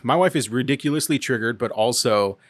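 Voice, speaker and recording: A man in his thirties telling a story on a podcast, animated and swearing freely as he acts out the dialogue. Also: medium pitch, a little fast, no echo. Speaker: podcast co-host. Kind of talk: casual storytelling chat. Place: podcast studio.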